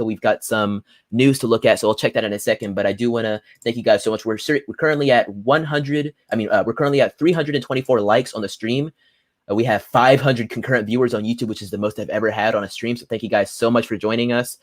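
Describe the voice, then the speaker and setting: A young man hosting a solo political livestream, swinging from loud angry rants to low muttered asides as he reads articles aloud. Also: fairly even intonation, fast, dry recording, clean studio sound. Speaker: livestream host. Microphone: phone or computer mic at a desk.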